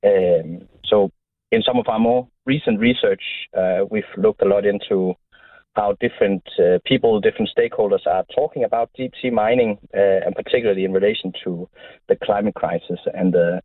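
A male researcher answers over a tinny phone line, pausing often with fillers. His voice sits low and dry. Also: fairly even intonation, no echo. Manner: hesitant, many uh fillers. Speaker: university researcher. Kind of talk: radio interview answer.

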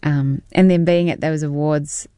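A woman's voice: low voice, steady tone, measured pace, dark tone, smooth, no echo, studio quality. A woman in her forties with a New Zealand accent, an actor chatting as a guest in an interview, telling stories with frequent laughs. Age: 40s. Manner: chatty, laughs often, tumbling storyteller. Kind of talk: casual interview chat.

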